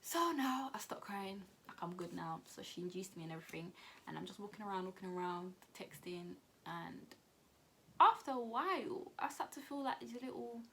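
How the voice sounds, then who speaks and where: A young woman speaks in a chatty, animated storytime style, full of "like" and "innit" and quick acted-out quotes. Her pitch sits in the middle for a woman. Faint background noise hums behind her. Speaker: vlogger. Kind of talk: casual storytime chat.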